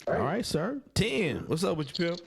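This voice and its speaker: A man's voice: on the high side, moderate pace, creaky, slight background noise. A man hosting a casual podcast, joking and profane, laughing often and mimicking other people. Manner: animated, laughing, profane, does mocking voices. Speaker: podcast host. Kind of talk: casual comedic podcast banter.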